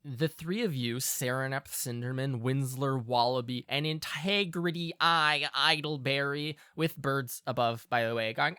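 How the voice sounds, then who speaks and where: A woman's voice: extremely low pitch, unhurried, hardly any pauses, a bit bright, clear, resonant tone, dry recording, studio quality. A woman running a tabletop game, narrating with playful, rambling asides. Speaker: game master.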